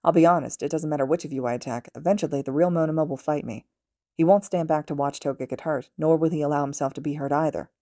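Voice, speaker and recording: A woman voicing a composed teenage boy fighter who talks in a calm, matter-of-fact way. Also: deep voice, fast talker, no echo, studio quality.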